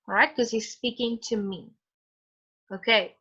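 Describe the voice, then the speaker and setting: A woman's voice: medium pitch, measured pace, pauses often, sharp tone, lo-fi sound. A woman teacher giving an online class lesson, calling on students by name and encouraging them. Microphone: video call.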